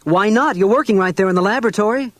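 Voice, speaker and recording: A man's voice: sits high, fast talker, fairly bright tone, no room sound, voice pushed up. A man doing a stubborn, anxious husband. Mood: angry. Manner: tense, argumentative.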